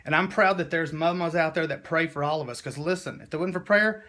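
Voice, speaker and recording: A man's voice: fairly high pitch, brisk, pushed and bright. A man giving an emotional, preachy personal monologue to his viewers. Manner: emotional, preachy, Southern-style "y'all" talk. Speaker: vlogger.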